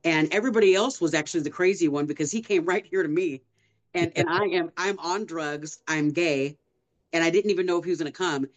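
A woman recounts a deeply personal testimony to a podcast host. She tells it earnestly, with lively, animated retelling and the odd laugh along the way. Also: fast talker. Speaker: guest.

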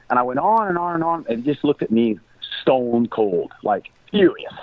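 A man's voice: medium pitch, very animated, normal speed, few pauses, no room sound. Middle-aged american guy telling a war story, earnest and devout, sounds like a phone line, dry. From United States. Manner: earnest, devout, prays aloud. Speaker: guest, humanitarian aid worker. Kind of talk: storytelling in a conversation.

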